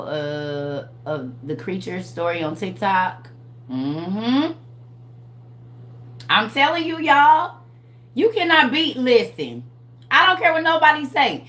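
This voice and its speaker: A woman in her forties talks to her viewers about her faith in a loose, spoken-sermon way. She is animated, laughs a lot and keeps calling them y'all. Her voice sits at an ordinary pitch, and the room gives it a roomy echo. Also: measured pace. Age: 40s. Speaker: vlogger sharing faith. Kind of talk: casual spoken preaching to viewers.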